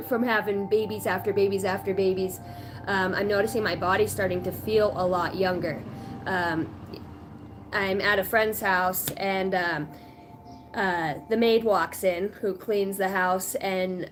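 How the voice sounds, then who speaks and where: Woman in her thirties, casual livestream chat, rambling, animated, soft background music. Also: mid-range voice. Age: 30s. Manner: rambling, animated, often laughing. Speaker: spiritual reader.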